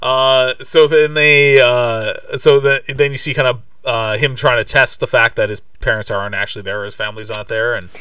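A man's voice: medium pitch, fairly even intonation, normal speed, few pauses, bright, forceful tone, smooth, no room sound, far from the mic. A man co-hosting a casual podcast, chatty and playful as he retells a movie scene by scene. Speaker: podcast co-host. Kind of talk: casual movie recap chat.

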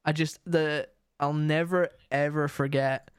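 Young man, casual chat, animated, swears a lot, dry recording. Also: fairly high pitch, measured pace, clean tone, no room sound.

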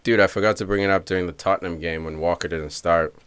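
A man's voice: deep voice, fairly even intonation, fast, fairly bright tone, clean tone. A man co-hosting a casual soccer podcast, dropping sarcastic asides. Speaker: podcast co-host. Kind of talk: casual chat.

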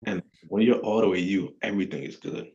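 A man's voice: low-pitched, fairly quick, darkish tone, dull audio. A man co-hosting a podcast in casual chat, earnest and repeating words as he starts. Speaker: podcast co-host.

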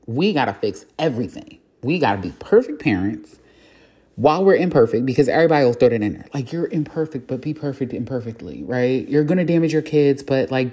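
A woman with a strikingly low, mellow voice hosts her own podcast. She talks candidly and casually in a chatty, self-deprecating way, swearing now and then. It comes across as an unscripted solo monologue. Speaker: podcast host.

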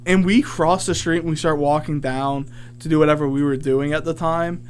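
A young man hosts a college radio show, spinning an animated, rambling story packed with fillers in a casual chat. His voice sits on the high side at a normal pace, with slight background noise.

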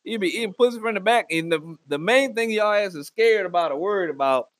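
A man's voice: high voice, lively intonation, fairly quick, crowd noise. A man on a crude comedic rant, bluntly giving mock advice to his listeners. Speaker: comedic ranter.

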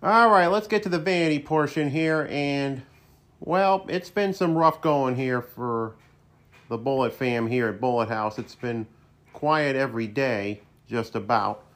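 A man's voice: mid-range voice, measured pace, a bit bright. Wry male podcast host. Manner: wry, self-deprecating humor. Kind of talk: casual solo podcast monologue.

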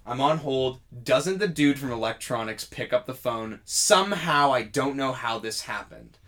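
A man's voice: mid-range voice, lively intonation, normal speed, a bit bright. Young male podcast co-host, casual storyteller, voices the people he quotes. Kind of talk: casual chat.

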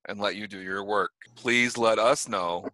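A man's voice: lowish voice, steady tone, unhurried, bright, forceful tone, no echo. A man voicing a formal male small-town police sheriff with a New York accent, addressing the group. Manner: formal, apologetic official address.

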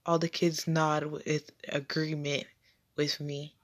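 Slow-paced woman telling a story. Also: low-pitched, little pitch movement. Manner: halting retelling with repeats and restarts. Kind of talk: personal storytelling.

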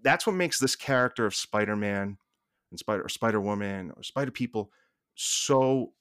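A man with a Boston accent, a podcast guest talking with passion and many quick restarts. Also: fairly low pitch, fairly bright tone, clean tone, no room sound, studio quality. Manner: passionate, fast restarts and repeated words. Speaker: podcast guest, staff writer. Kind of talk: casual podcast chat.

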